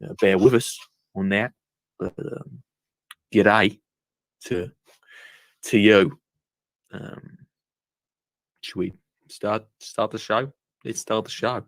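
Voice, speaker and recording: A man's voice: on the low side, steady tone, takes it slowly, vocal fry, pauses often, dry recording. A man hosting a live gardening call-in show, rambling and laughing at himself in casual chat. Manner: rambling, chuckling, self-mocking.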